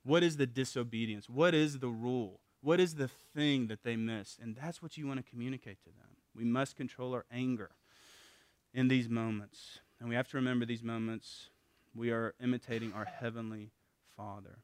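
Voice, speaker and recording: A middle-aged man giving a casual, animated talk at a parenting seminar, often acting out what parents and kids say in a raised voice. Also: medium pitch, normal speed, dry recording. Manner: animated, acts out parents' and kids' quotes in a raised voice; casual, with repeated words and restarts. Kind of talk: conversational teaching talk.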